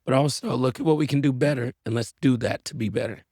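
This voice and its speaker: Gravelly, husky man on a podcast. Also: mid-range voice, fast talker, dark tone, no room sound, clean studio sound. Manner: earnest and reflective, acting out talks with his kids. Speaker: podcast guest. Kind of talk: candid podcast conversation.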